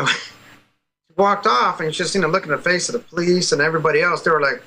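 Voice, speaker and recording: A man with a bright, sharp voice that sits a little high, telling a story with energy. He acts out the other people in it as he goes, in a loose interview style. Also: a little fast, slight background noise, rough recording. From United States. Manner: animated storytelling, acts out quoted dialogue. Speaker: guest, parent. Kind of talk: casual interview over a call.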